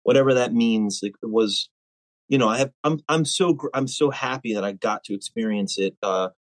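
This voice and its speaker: A man in casual conversation, telling stories in an animated way, with lots of fillers and restarts. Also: medium pitch, moderate pace, no echo, low-quality recording. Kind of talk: casual chat.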